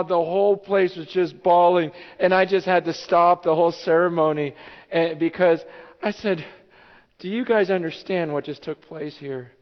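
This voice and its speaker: A man preaching a sermon as pastor, telling a story in an animated, emotional way. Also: high voice. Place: church sanctuary. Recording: dull echoey church hall.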